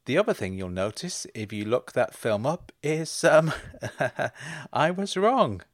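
A man telling a comic story in a dry, deadpan way, building to mock indignation. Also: a little high, moderate pace, dry recording. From England.

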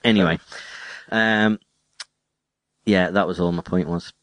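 Man, low voice, casual podcast co-host, teasing and dry, sounds close and dry. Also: steady tone, unhurried, fairly bright tone, no echo. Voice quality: dry, teasing, short replies. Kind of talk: casual chat.

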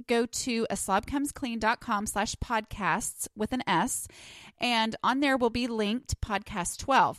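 A woman's voice: on the high side, fairly bright tone, no room sound, studio quality. A woman hosting her own podcast from home, chatting casually and rambling with plenty of ums and asides. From Texas. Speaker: podcast host. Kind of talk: casual solo podcast chat. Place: her home, sitting under a blanket.

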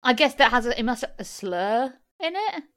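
A woman's voice: fairly high pitch, very animated, normal speed, fairly bright tone. A woman co-hosting a podcast, chatting casually about a film and laughing often. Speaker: podcast co-host.

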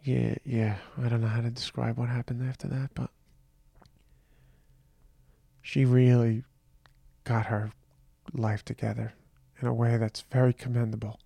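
A tired middle-aged man hosting a podcast, speaking in a reflective, halting monologue with trailing restarts. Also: mid-range voice, flat delivery, creaky, dark tone, husky, no room sound. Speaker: podcast host. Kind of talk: personal monologue, remembering his mother.

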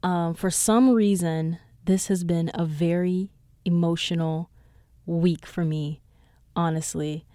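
A woman's voice: slow, dry recording, studio quality. A young woman hosting her own podcast, chatting casually and rambling with lots of "like" and "um". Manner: animated, jumps up in pitch when retelling reactions. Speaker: podcast host. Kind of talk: casual solo podcast chat.

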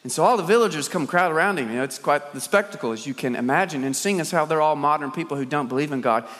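Preacher guy telling it dramatic, loud then hushed, big echoey hall. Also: a little high, fast. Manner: dramatic storyteller, rhetorical questions, swings loud and soft. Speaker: pastor. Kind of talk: sermon. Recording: long hall reverb.

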